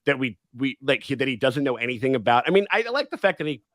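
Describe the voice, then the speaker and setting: A man hosting a casual livestream chat, excitable and rambling, with many restarts and swearing. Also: medium pitch, fast talker, dry recording. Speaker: livestream host.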